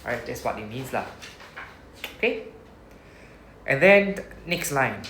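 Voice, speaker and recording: A man's voice: medium pitch, very animated, takes it slowly. A man with a Singaporean English accent teaching Japanese to a class, explaining patiently and often checking with "right?". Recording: echoey classroom, faint noise.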